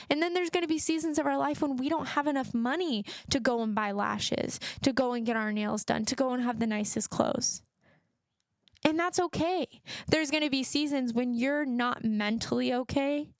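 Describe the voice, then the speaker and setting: Earnest woman with a gravelly, high voice. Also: no room sound, clean studio sound. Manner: earnest, encouraging, rambling with fillers. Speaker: podcast host. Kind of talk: solo podcast monologue.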